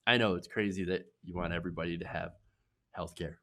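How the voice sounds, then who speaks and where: A man from Michigan hosting casual political commentary, sarcastic and quick to laugh. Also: sits low, fairly even intonation, fairly bright tone. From Michigan, USA.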